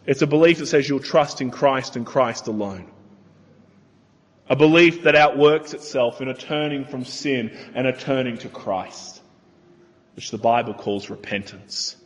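A man preaching a sermon in a church, earnest and emphatic, slowing down to stress his key points. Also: medium pitch, in a large hall, highs cut off.

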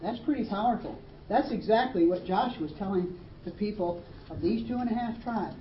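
A woman's voice: mid-range voice, animated, fairly quick, reverberant, dull audio, a little hiss or hum. A woman preaching a sermon, earnest and emphatic, reading scripture aloud. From Australia. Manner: earnest, emphatic preaching with dramatic read quotes.

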